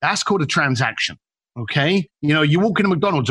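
Lively husky man telling stories. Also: on the high side, fairly quick. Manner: acts out quoted people, emphatic, repeats words. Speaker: guest. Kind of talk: animated storytelling.

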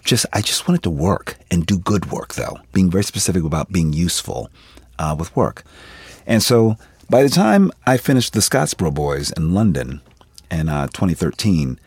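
A man's voice: a bass voice, a little mellow, slightly rough, dry recording. A man, an actor, telling stories from his career in a radio interview, animatedly acting out the people he quotes. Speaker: actor guest.

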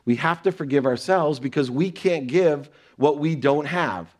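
A man's voice: a little high, moderate pace. A middle-aged man giving an earnest motivational talk, telling a personal story and acting out the exchanges in it. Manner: earnest, acts out quoted exchanges. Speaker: speaker sharing personal lessons.

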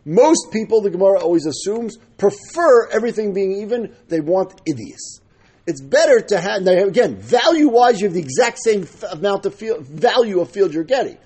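A man's voice: high-pitched, very animated, normal speed, darkish tone, breathy edge. A man teaching a daily Talmud class, explaining step by step and asking and answering his own questions.

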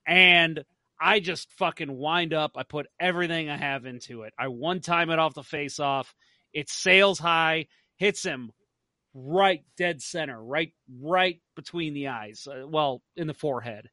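A man co-hosting a casual podcast, telling a story with lively acted-out quotes. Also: a little high, a little slow, no room sound, clean studio sound. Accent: St. Louis. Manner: animated, acts out his own quotes. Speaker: podcast co-host.

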